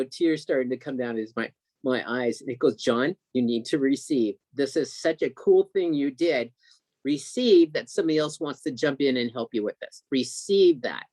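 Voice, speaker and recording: Excitable man telling a story. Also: on the high side, no room sound. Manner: excited, emotional storyteller who acts out quotes. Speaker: guest. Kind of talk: storytelling interview over video call. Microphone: video call.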